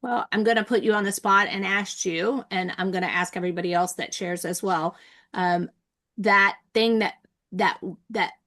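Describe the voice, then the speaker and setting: A woman's voice: mid-range voice, steady tone, normal speed, a bit bright. A woman coach guides an online group session. She has an average voice and asks people questions in an encouraging tone. She also tells her own memories. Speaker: coach leading a workshop session. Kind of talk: online workshop facilitation.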